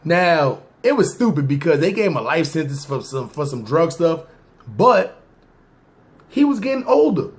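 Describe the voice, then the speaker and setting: A man's voice: fairly high pitch, expressive, moderate pace. A man hosting a podcast, telling stories in loose casual slang and talking straight to his listeners. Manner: loose slang-heavy talk, often addressing listeners as "y'all"; acts out scenes in asides and mock voices. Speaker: podcast host. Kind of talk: casual street storytelling to viewers.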